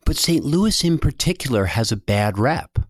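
A man's voice: medium pitch, very animated, normal speed, dry recording, clean studio sound. A man interviewing a guest, asking questions in a curious, conversational way.

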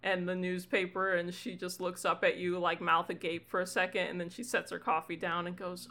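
A woman's voice: on the low side, flat delivery, pushed and bright, slight background noise. A woman narrating as game master of a tabletop game, chatty with many filler words. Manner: chatty, lots of ums, quick laughs.

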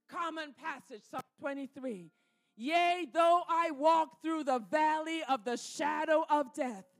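A woman pastor leading a fervent prayer, declaring and repeating lines with growing force. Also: sits high. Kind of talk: sermon prayer.

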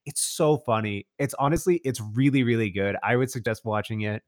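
A man's voice: mid-range voice, brisk, dry recording. Rambling, enthusiastic man, dry sound. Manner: rambling and enthusiastic, many restarts and "like"s. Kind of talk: casual chat.

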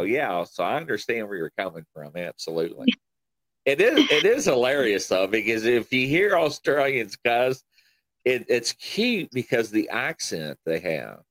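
A man's voice: fairly low pitch, no room sound. A man from Kentucky with a country accent, hosting a casual interview chat and telling stories with frequent chuckles. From Kentucky, USA. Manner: animated storyteller, chuckles often. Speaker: podcast host.

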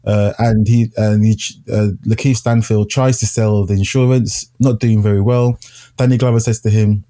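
A man co-hosting a podcast, chatting casually about films in a relaxed way and laughing easily. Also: lowish voice, moderate pace. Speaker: podcast co-host. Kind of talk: casual film review chat.

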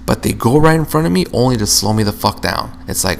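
Gravelly-voiced young man ranting. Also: medium pitch, lively intonation, fast talker, a little hiss or hum. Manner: rambling, profane, venting. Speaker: podcast host. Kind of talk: casual solo podcast chat.

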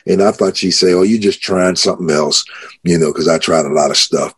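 Husky deep-voiced man telling his testimony. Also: brisk. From United States. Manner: grows excited, pitch rising as he retells shouting. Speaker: pastor. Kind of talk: telling his conversion story in a podcast interview.

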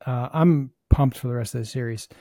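A man's voice: mid-range voice, fairly quick, warm tone, no echo. A man hosting a baseball podcast, talking through ideas in a thoughtful, rambling casual chat. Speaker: host, hitting coach.

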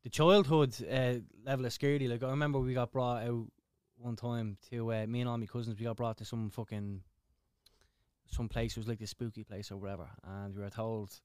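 A young man with a Dublin accent talks quickly in casual chat, stacking up fillers and swear words as he goes. His voice sits in the middle range for a man, and the sound is dry and close. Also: mid-range voice, flat delivery, darkish tone, smooth, no echo. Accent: Dublin Irish. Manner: rapid, swearing, filler-heavy.

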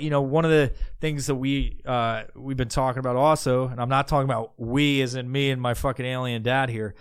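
Young man, podcast host; profane, heated comedic rant; smooth, clear voice with a slightly high pitch. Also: a bit bright, no room sound, clean studio sound. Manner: crude, heated ranting with mocking voices.

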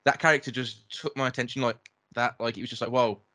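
A man's voice: medium pitch, fairly even intonation, quick pace, pushed and bright. A man in a casual film chat, enthusiastic and often searching for words.

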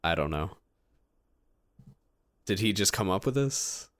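A man's voice: sits low, animated, takes it slowly, fairly bright tone, dry recording, studio quality. A man co-hosting a casual podcast, joking and bantering. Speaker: podcast co-host. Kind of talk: casual chat.

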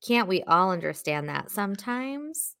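A woman co-hosting a podcast in a casual chat, chatty and animated, laughing often and quick to apologize. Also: medium pitch, creaky, clear, resonant tone. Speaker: podcast co-host.

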